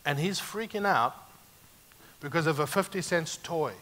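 A man pastor preaching a sermon, emphatic and animated, moving sharply between loud and quiet passages. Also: on the high side, normal speed.

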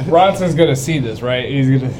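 A man's voice: medium pitch, lively intonation, moderate pace, noisy background. A man playing a tabletop game, joking around animatedly with the group. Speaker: player. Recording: roomy, far from the mic, people around.

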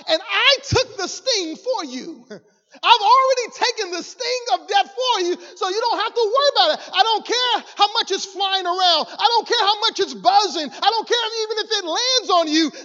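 A woman preacher voicing a calm father who soothes and reassures his scared son. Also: very high voice, pitched above the performer's own voice. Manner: soothing, firm, then emphatic. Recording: dull lo-fi with long hall reverb.

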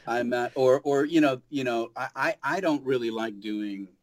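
A man's voice: medium pitch, moderate pace, a crowd in the background. A man, a voice actor and audiobook narrator, chatting casually as a guest and telling stories with lots of restarts. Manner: animated storyteller, many restarts. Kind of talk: casual interview chat. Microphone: home studio booth.

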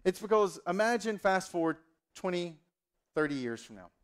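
Brief: male pastor, direct rhetorical sermon delivery, somewhat high pitch. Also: very animated, moderate pace. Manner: direct, rhetorical, addresses listeners.

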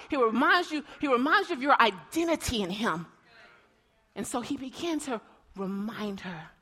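A woman preacher giving an emotional sermon, telling stories and often repeating words as she swings between hushed and loud. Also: medium pitch, slightly rough.

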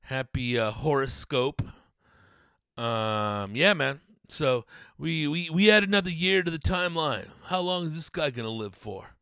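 A man's voice: fairly high pitch, animated, a little slow, vocal fry, a bit bright, no echo, studio quality. Rambling guy, lots of swearing. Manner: loose, rambling, swears a lot, says dude and man. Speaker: podcast host. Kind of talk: casual solo podcast chat. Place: home studio room.

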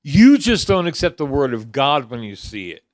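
A man co-hosting a comedy podcast, teasing his partner with deadpan jabs. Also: medium pitch, normal speed, no room sound, studio quality. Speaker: podcast co-host.

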